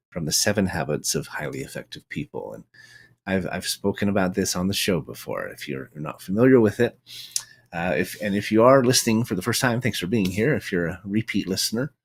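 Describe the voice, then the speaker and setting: A middle-aged man from the United States talks through a solo podcast episode in a husky, fairly low voice. His pitch rises and falls a lot as he tells stories and reflects, often restarting phrases and tossing in "right?" along the way. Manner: reflective, storytelling, frequent restarts and "right?" tags. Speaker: podcast host. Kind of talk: solo monologue.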